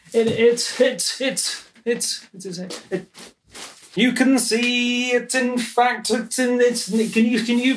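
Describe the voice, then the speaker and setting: An excitable voice rambles and jokes through an unboxing at home, picked up by a camera mic set well back from the speaker. The room rings with echo, and a steady hiss of noise sits under the voice. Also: medium pitch. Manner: excitable, jokey, rambling, talks while handling things. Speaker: music producer and YouTuber. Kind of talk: casual unboxing vlog. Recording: echoey room, distant mic, noisy.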